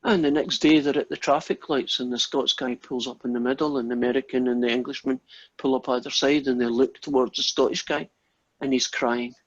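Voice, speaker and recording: A man's voice: medium pitch, fairly even intonation, brisk, no echo. A man teaching a math class online, telling a joke in a chatty, informal way before getting back to the lesson. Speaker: math lecturer. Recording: dull lo-fi audio, dry.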